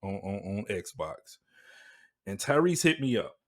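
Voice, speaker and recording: A man's voice: on the low side, very animated, unhurried. A man co-hosting a podcast, telling a laid-back story. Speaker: podcast co-host. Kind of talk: casual chat.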